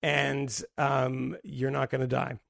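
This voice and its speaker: A man's voice: medium pitch, flat delivery, slow pace, creaky, a bit bright, dry recording, studio quality. A man co-hosting a podcast in casual chat, rambling and restarting his sentences, often breaking into laughter. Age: adult with a daughter. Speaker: podcast co-host.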